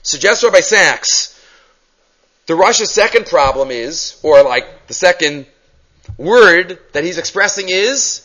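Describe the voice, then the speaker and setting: A man teaching a Torah class, animated, acting out questions and mixing Hebrew terms into his English. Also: high-pitched, slow pace.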